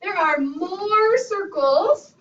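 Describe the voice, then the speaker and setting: A woman's voice: very high-pitched, expressive, extremely slow, fairly bright tone, a little hiss or hum. A woman teaching a classroom math lesson to young children, leading them in sing-song call-and-response. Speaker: kindergarten teacher. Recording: roomy, distant, dull classroom recording.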